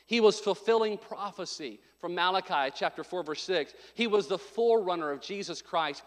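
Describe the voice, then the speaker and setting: A male pastor preaching a sermon, telling a story with loud bursts and sudden drops to quiet. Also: high-pitched, normal speed. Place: church sanctuary. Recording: long hall reverb.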